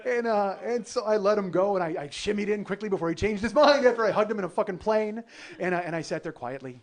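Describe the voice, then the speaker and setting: A man's voice: high-pitched, moderate pace, pauses often, crowd noise. A man hosting a comedy podcast, telling a long travel story in a loose, profane way and often laughing at his own jokes. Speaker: podcast host.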